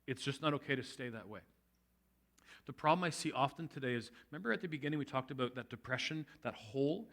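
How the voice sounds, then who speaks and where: A man gives a casual, heartfelt sermon from a church stage. His voice is bright and forceful, and he slips into short acted-out exchanges as he talks. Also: medium pitch, fast talker. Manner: earnest and animated, acts out quoted lines. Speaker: guest speaker at a church service. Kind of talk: conversational sermon. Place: church sanctuary.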